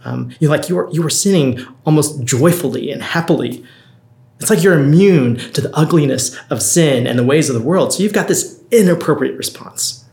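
A man's voice: fairly high pitch, expressive, moderate pace, creaky, a little mellow. A man in his thirties preaching a conversational sermon, earnest and storytelling, often restarting his sentences. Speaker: pastor. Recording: roomy echo.

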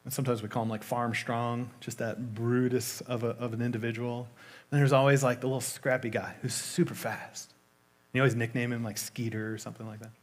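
Animated man preaching a sermon. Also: mid-range voice. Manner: conversational, animated storytelling with asides.

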